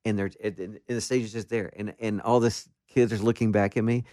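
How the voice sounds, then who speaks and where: Guest, male, deep voice, dry close sound, animated self-deprecating storyteller in a casual interview. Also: fairly quick, no echo. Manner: animated, self-deprecating anecdotes with many restarts. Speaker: guest musician.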